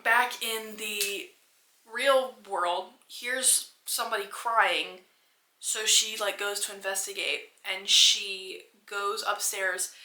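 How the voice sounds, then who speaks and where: A young woman walks through a movie plot in a loose, unscripted vlog recap. Her voice is bright and lively, peppered with fillers and profanity. The room around her rings with noticeable echo. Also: mid-range voice. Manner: animated, swears a lot, many fillers. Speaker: movie reviewer.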